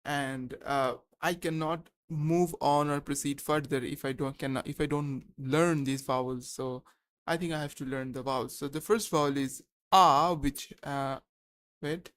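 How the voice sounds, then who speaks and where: A young man on a live study stream, thinking aloud and slowly sounding out syllables, pausing to check himself. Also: fairly high pitch, fairly even intonation, a bit bright. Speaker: language learner streaming study session.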